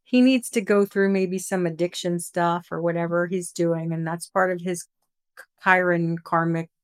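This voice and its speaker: Gentle affectionate woman leading a spiritual session. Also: lowish voice, no room sound, clean studio sound. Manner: gentle, affectionate, many fillers. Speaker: spiritual group leader. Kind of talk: online group session.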